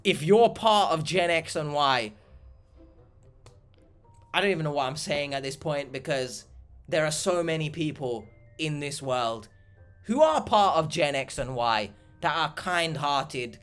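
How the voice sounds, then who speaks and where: Young guy ranting sarcastically, kinda high voice, rambles a lot, faint music behind. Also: fairly bright tone, clean tone. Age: young adult. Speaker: YouTuber reacting to comments. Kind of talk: casual reaction vlog.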